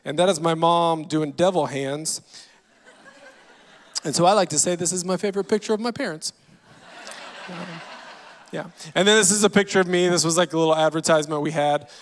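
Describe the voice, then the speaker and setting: A man in his forties from Louisiana, a guest comedian telling self-deprecating stories from a church stage with dry punchlines and quick asides. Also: a little high, fairly even intonation, slight background noise. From Louisiana, USA. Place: large church auditorium. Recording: long hall reverb.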